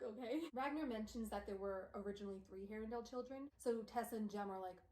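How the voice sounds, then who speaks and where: A woman's voice: a little high, fast talker, hardly any pauses, mellow, slight background noise. A young woman VTuber recapping a novel in a chatty, sarcastic way, dropping "like" constantly. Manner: chatty, sarcastic, heavy use of "like". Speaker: VTuber streamer. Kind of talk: casual book recap. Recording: roomy echo.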